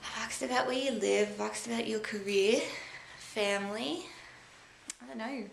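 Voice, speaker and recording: Young Australian woman, thoughtful and halting, talking to camera in an echoey room. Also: fairly high pitch, creaky. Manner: rambling, reflective, halting with many fillers. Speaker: vlogger. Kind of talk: rambling personal time-capsule vlog. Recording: echoey room with faint background noise.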